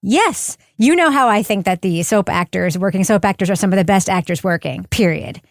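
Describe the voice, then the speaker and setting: A woman's voice: medium pitch, animated, a little fast, vocal fry, dry recording, studio quality. A woman co-hosting a podcast, chatting animatedly and laughing. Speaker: podcast co-host. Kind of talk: casual podcast chat.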